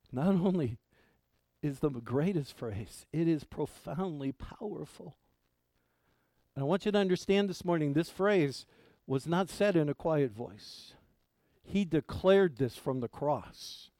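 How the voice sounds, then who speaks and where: A man's voice: a little high, no room sound. Emphatic male preacher with a dry sound. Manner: preaching with slow emphatic repetition, swinging from hushed to loud. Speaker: pastor. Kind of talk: sermon.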